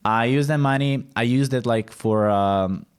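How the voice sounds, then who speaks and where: A man with a Serbian accent hosting a podcast, talking casually in English with halting restarts. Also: medium pitch, smooth. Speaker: podcast host. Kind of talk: casual chat.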